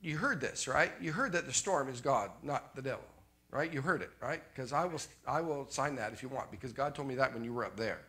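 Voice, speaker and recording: Animated preaching man, bright and forceful. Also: mid-range voice, a little fast. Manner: animated, swings from loud exclamations to quiet asides. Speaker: pastor. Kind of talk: sermon.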